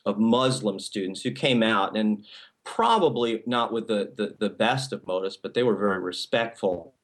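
A man's voice: lowish voice, normal speed. A male pastor giving a sermon in a conversational style, with many restarts and frequent "okay?" check-ins to the congregation.

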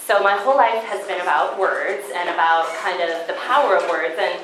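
A woman giving a personal testimony talk to an audience, heartfelt and sometimes tearful, pausing to greet people as they come in. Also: medium pitch, background noise. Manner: warm, tearful, greets latecomers. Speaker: speaker at a Christian gathering. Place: room with an audience. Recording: echoey room, faint ambience.

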